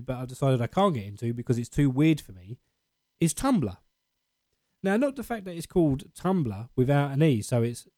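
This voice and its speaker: A man's voice: a little high, a little mellow, no room sound. Rambling, self-mocking Essex man. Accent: Essex English. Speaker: podcast segment host. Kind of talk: casual rambling monologue.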